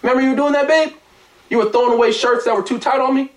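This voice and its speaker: A man's voice: very high voice, very fast. A young man telling profane, jokey stories in casual group banter as a podcast host. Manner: animated, profane, jokey storytelling. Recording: distant mic with faint noise.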